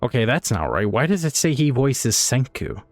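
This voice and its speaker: A man streams a game and talks through it in a loose, rambling way, laughing and swearing often. His pitch moves around a lot, and the recording sounds dry, with faint game music underneath. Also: sing-song, moderate pace, dry recording. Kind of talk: casual let's play commentary.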